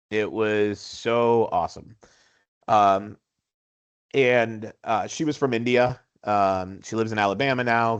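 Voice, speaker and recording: A man in his forties, a podcast co-host, telling a story in casual chat with animated, self-mocking humor. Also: fairly low pitch, clear, resonant tone, highs cut off. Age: 40s.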